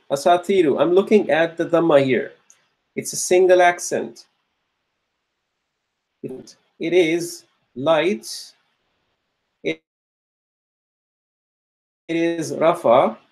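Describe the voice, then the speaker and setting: A male teacher slowly working through grammar exercises in class, repeating each answer and checking in with the students. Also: fairly high pitch, a little mellow, low-quality recording. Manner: slow and repetitive, restates each answer; checks in with "okay?" and "right?".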